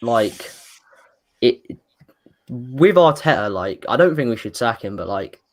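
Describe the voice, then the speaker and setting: A man's voice: medium pitch, big pitch swings, a little slow. A man on a casual podcast, rambling and full of likes. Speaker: co-host.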